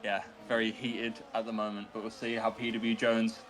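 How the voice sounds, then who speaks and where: On the low side and at normal speed, a man's voice co-commentates an online sim race, chatting about the driving and glancing at viewer chat. He stays steady and sociable, reading the chat as he goes. Slight background noise sits under the recording.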